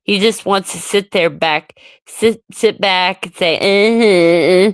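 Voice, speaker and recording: Slow-talking, irritated woman ranting on stream. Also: medium pitch, clean tone, no echo. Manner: ranting, irritated, reacting to chat. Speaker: livestream host. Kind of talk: casual solo livestream chat.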